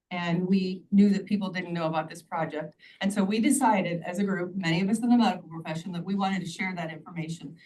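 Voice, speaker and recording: A woman's voice: lowish voice, dark tone. A woman in her sixties giving earnest, pleading public testimony at a county hearing. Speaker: public commenter. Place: county meeting room. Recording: distant mic, faint background noise.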